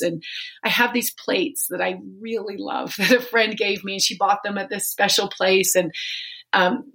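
A woman's voice: medium pitch, a bit bright. A middle-aged woman hosting a podcast, telling a personal family story with emotion and some laughter. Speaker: podcast host. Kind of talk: casual podcast conversation.

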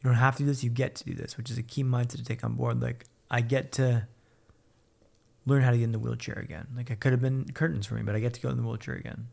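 A man's voice: mid-range voice, level tone, fast, vocal fry, darkish tone. A man telling his own story as a podcast guest, blunt and upbeat, swearing freely. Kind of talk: casual candid storytelling.

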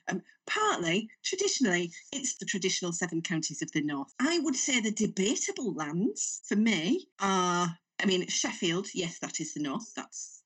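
Guest: chatty Northern English woman, husky, slightly distant sound. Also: on the low side. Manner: animated, chatty storyteller. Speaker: writer and comedian guest. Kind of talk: casual podcast interview.

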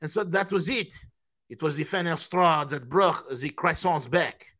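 A man's voice: fairly high pitch, measured pace, a bit bright. A man putting on an exaggerated fake French accent to play a fed-up Frenchman, complaining theatrically. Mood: mock outrage. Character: mock-indignant Frenchman fed up with austerity.

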